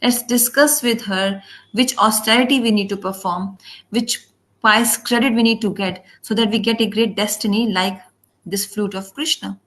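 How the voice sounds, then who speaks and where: A woman's voice: medium pitch, fairly even intonation, normal speed, a bit bright. A woman giving a devotional class, telling stories and acting out quoted speech, often restarting words mid-way. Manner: storytelling, acts out quoted speech; frequent restarts and self-corrections. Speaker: spiritual teacher.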